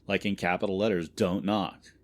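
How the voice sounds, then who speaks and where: A man co-hosting a casual podcast, telling a long profane story with bursts of loud laughter. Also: low-pitched, steady tone, normal speed. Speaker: podcast co-host. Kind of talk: casual chat.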